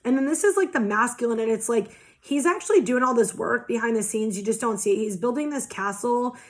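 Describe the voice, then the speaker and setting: A young woman giving a casual oracle card reading, talking passionately and bluntly with lots of swearing. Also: a little high. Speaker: tarot reader.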